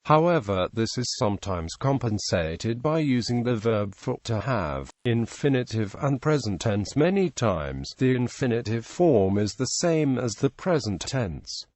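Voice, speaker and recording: A man's voice: mid-range voice, sing-song, unhurried, hardly any pauses, darkish tone, no echo. A man's voice reading a grammar article aloud, working steadily through word lists and example phrases. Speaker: narrator.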